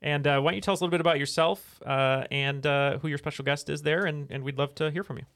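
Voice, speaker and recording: A man's voice: a little high, fairly even intonation, quick pace, a bit bright. A man hosting a casual comedy podcast in a studio, joking around and steering the chat. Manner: joking, runs the conversation. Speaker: podcast host.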